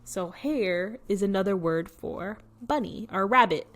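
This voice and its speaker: A woman's voice: medium pitch, a little slow, hardly any pauses, fairly bright tone. A woman reading a picture book to children, patiently explaining words and asking questions. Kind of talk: read-aloud lesson.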